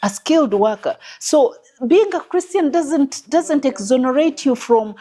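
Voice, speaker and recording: A woman's voice: high-pitched, animated, unhurried, mellow. A woman psychologist on a discussion panel, speaking in an emphatic, teacherly way, often quoting scripture and repeating her points. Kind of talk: panel discussion on faith and marriage.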